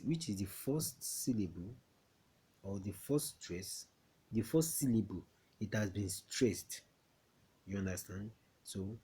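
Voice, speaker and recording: A man from Nigeria teaching a classroom English lesson, slow and repetitive, often checking that students understand. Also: sits low, warm tone, slightly rough.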